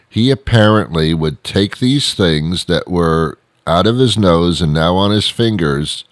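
A man's voice: deep voice, dry recording. A middle-aged man telling a rambling comic story, with digressions and sarcastic asides. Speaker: comedic storyteller.

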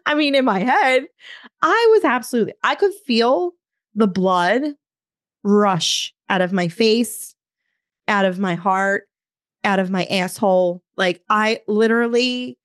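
A woman in her thirties, a podcast host, telling a story casually in an animated way, swearing and quoting her own thoughts. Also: mid-range voice, no echo, clean studio sound. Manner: animated, swears, talks to herself in quotes.

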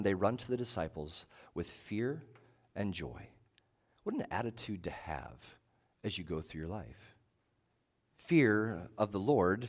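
A male pastor preaching a sermon in a measured, emphatic way, leaning on short repeated phrases. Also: lowish voice.

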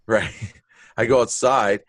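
A man's voice: on the low side, takes it slowly, no room sound. A male comedian telling a wild story in casual, blunt talk, swearing freely and acting out the moments. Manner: animated, blunt, profane storytelling with acted-out moments. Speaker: comedian guest.

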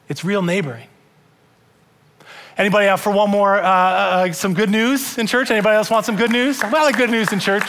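High-voiced male pastor preaching earnestly. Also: fairly even intonation, fairly quick, fairly bright tone. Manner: earnest, repeats and restarts words. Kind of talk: sermon. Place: church.

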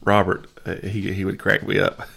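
A man's voice: low-pitched, monotone, normal speed, gravelly, fairly bright tone. A man co-hosting a podcast, chatting casually and telling rambling, self-deprecating stories. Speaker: podcast co-host. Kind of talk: casual chat.

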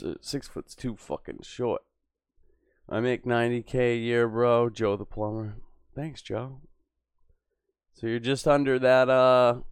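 A man's voice: mid-range voice, smooth, no room sound, clean studio sound. A man riffing crudely and sarcastically on a livestream, reading chat and tossing in "bro" constantly. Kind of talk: profane casual livestream chat. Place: Boston area.

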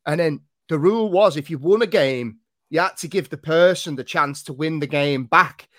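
Laughing, sweary podcast host. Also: male voice, on the high side, moderate pace, dry recording, clean studio sound. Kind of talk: casual chat.

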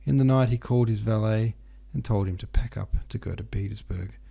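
Casting: low, gravelly male narrator for a literary audiobook, occasional restarts. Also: a little fast. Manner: steady reading with occasional stumbles and restarts.

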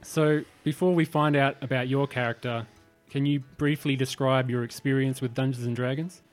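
A man's voice: medium pitch, fairly even intonation, moderate pace, faint music behind. A man hosting a tabletop game podcast as game master, wry and teasing as he chats with his players. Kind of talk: casual podcast chat.

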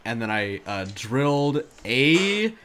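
A man's voice: mid-range voice, sing-song, slow, fairly bright tone. A man telling a rambling, self-mocking story on a comedy podcast, swearing freely. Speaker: podcast co-host.

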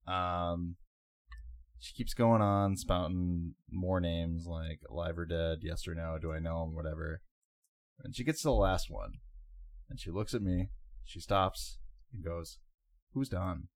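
A man's voice: low voice, steady tone, measured pace, dry recording, studio quality. A man co-hosting a podcast, telling a long story in a rambling, laid-back way with lots of fillers. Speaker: podcast co-host. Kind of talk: casual storytelling chat.

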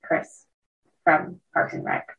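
A woman's voice: slow, distant mic, narrow, tinny audio. A woman co-hosting a podcast, who reacts in a bubbly, gushing way in casual chat. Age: adult with children. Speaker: podcast co-host.

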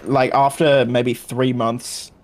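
A man's voice: medium pitch, little pitch movement, slow, slight background noise. A man who is a podcast guest, chatting in an easygoing way. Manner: easygoing, says 'reckon' and 'dude'. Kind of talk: casual chat.

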